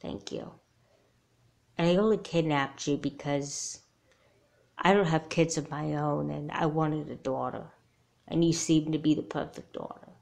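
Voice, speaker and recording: A woman voicing a remorseful adult woman kidnapper in a homemade doll movie, speaking softly and hesitantly. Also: low-pitched, fairly even intonation, measured pace, vocal fry, pauses often. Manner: soft, hesitant, apologetic.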